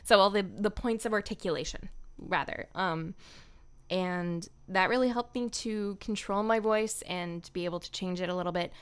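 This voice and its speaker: Young female streamer, smooth clear voice, chatty, laughs a lot between thoughts, casual. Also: mid-range voice, normal speed. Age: young adult. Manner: chatty, laughs often, many fillers. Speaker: voice actor streaming. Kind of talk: casual live-stream chat.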